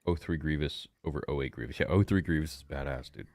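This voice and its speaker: A man's voice: extremely low pitch, quick pace, a little mellow, no room sound, clean studio sound. A man co-hosting a livestream, reading viewer chat aloud in a loose, upbeat way with casual swearing. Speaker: co-host reading live chat.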